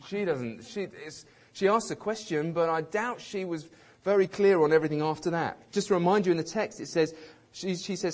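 A man preaching a sermon in a conversational, emphatic way, with a slightly husky voice, acting out quotes with light humour. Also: a little high, brisk, few pauses.

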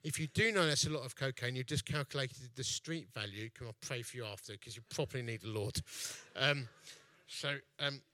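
A man's voice: medium pitch, a little fast, hardly any pauses, bright, forceful tone, no room sound. A man preaching in a chatty, jokey storytelling way. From East London, England. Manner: jokey, chatty, self-mocking. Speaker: evangelist speaker, festival founder. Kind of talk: storytelling sermon.

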